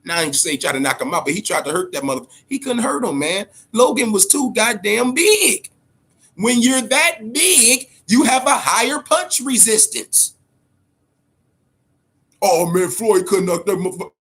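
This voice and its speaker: High, bright-voiced man ranting about boxing. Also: normal speed, breathy edge. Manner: animated, profane, repeats words and says "man" and "all right?" often. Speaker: boxing podcast host. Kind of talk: casual profane boxing commentary.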